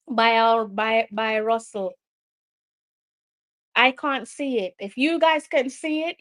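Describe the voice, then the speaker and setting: Brief Jamaican woman, fairly high voice, live match commentary for a fan stream, heated and repetitive. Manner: excitable, argues with the referee, repeats herself. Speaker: watch-along host.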